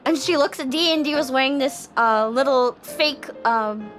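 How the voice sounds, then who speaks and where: A woman's voice: high voice, moderate pace, fairly bright tone, faint music behind. A woman hosting a casual livestream chat, telling bubbly stories and often giggling. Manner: refers to herself in third person. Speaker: livestream host.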